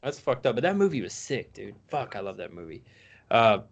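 Swearing man telling animated stories. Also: fairly low pitch, fairly quick, highs cut off. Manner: profane, animated storytelling. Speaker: podcast co-host. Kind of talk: casual chat.

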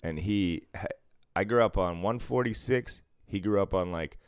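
A man's voice: deep voice, moderate pace, clean tone, dry recording, studio quality. A man in his fifties from Cambridge with a Boston accent, swearing freely while telling stories in a casual chat. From Cambridge, Massachusetts. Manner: profane, animated storytelling.

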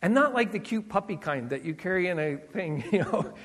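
A middle-aged man, a senior pastor, preaching with personal stories, animated and acting out voices, laughing often. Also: sits high, brisk, in a large hall. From Southern California.

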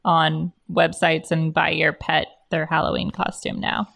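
A woman's voice: deep voice, little pitch movement, measured pace, creaky, a bit bright. A woman on a casual podcast, joking and laughing often.

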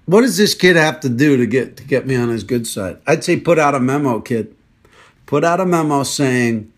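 A man's voice: medium pitch, expressive, moderate pace. A man hosting a podcast, rambling through jokey rants in a casual comedic monologue. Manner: rambling, jokey ranting asides. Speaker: podcast host.

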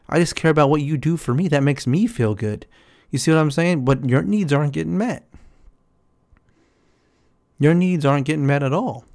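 A man in a casual monologue about relationships, repeating his points emphatically and acting out quotes in a higher voice. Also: a little mellow. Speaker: relationship commentator.

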